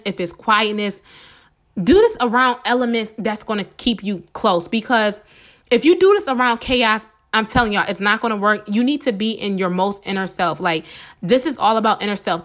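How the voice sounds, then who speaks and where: Woman podcast host, excited and quick, repeats herself, slightly sore throat, mid-pitched voice. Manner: fast-talking, excited, repeats steps. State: a little under the weather, slight sore throat. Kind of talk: casual motivational podcast talk.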